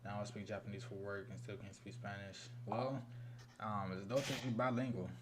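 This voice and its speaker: A man's voice: on the low side, fairly even intonation, moderate pace, noisy background. A young man co-hosting a livestream, telling stories in a rambling, laid-back way full of slang. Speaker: co-host of a true crime livestream. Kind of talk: casual livestream chat.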